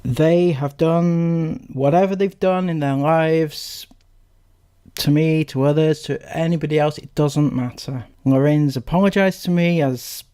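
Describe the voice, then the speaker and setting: Slow, sarcastic male commentary host. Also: fairly high pitch, mellow, clear, resonant tone. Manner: sarcastic, mocking. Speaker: commentary YouTuber. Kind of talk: casual commentary.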